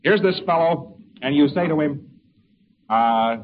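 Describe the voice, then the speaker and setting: A man's voice: fairly high pitch, expressive, unhurried. Folksy man lecturing on dull old tape. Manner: folksy, rambling, wry asides. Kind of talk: informal lecture to an audience. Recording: dull lo-fi recording with faint hiss.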